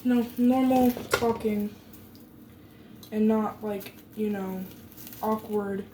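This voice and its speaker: A woman's voice: mid-range voice, fairly even intonation, slow pace. A teenage girl from Germany, chatting casually and rambling while she bakes, full of fillers and sarcastic asides. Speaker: vlogger. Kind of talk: casual chat while baking. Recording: echoey room with noisy background.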